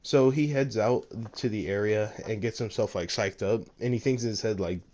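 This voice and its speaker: A man's voice: lowish voice, moderate pace, a little mellow. A man casually narrating a fan-made story, rambling with lots of fillers and laughing at his own slips.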